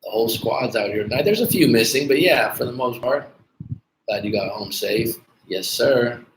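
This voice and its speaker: Animated and at a moderate pace, a medium-pitched man runs a dating coaching livestream, reading comments aloud. He's casual and blunt, cursing freely and addressing viewers as dude; the room echoes and there's faint background noise.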